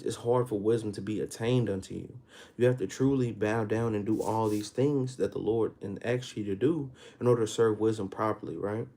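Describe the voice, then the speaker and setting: A man with a Texas accent teaching a Bible class, reading verses slowly and then explaining them in casual street talk that builds in emphasis. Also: fairly low pitch, dark tone. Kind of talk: informal scripture teaching.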